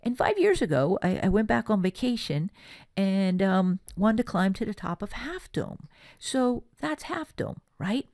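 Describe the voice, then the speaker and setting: A woman presenter from California leads a motivational workshop, telling stories in a chatty, lively way. Her voice carries a gravelly fry at the ends of phrases. The sound is dry and close, with no room echo. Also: mid-range voice, unhurried. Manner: chatty storytelling, lively asides.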